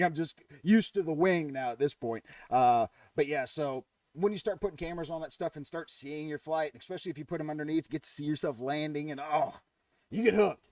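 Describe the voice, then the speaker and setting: A man's voice: fairly high pitch, darkish tone, dry recording, distant mic. A man hosting a casual live-stream chat, jokey and chatty, laughing at his own jokes and greeting viewers. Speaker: livestream host.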